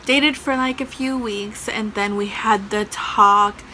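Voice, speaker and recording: A young woman vlogger telling a personal story casually, her voice bright and clear. She is chatty and fills her speech with fillers as she recounts what happened. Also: mid-range voice, slow pace, a little hiss or hum, rough recording. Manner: chatty, lots of fillers, animated retelling.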